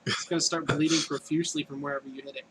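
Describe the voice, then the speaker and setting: A man's voice: on the high side, little pitch movement, racing, a bit bright, slight background noise, poor audio. A man running a tabletop game as dungeon master, casually tallying dice rolls and narrating the fight. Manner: casual, rolling dice and tallying damage aloud.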